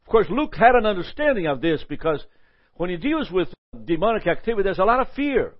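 A man teaching a Bible lesson in a lively sermon style, often asking "Amen?" and chuckling. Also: high-pitched, quick pace, no echo, muffled recording.

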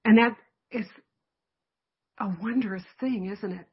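A woman giving a sermon in an earnest, reflective way, pausing often and laughing softly now and then. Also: a little high, slightly rough, lo-fi sound. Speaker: preacher.

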